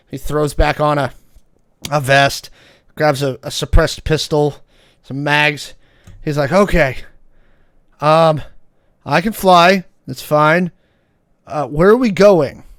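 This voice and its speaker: A man's voice: a little high, smooth, dry recording, studio quality. A man narrating a tabletop role-playing game as game master, describing scenes with many ums and uhs.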